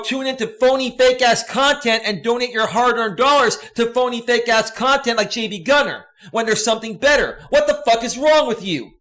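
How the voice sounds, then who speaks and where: Male streamer, high-pitched, angry profane rant to viewers. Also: a bit bright. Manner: profane, heated, repetitive ranting. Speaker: livestream host and coach.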